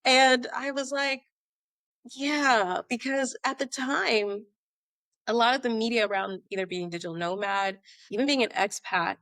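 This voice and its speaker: An American woman telling her story as a podcast guest, animated and conversational, acting out remembered dialogue. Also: fairly high pitch, normal speed, no room sound, studio quality. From United States. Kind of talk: conversational interview.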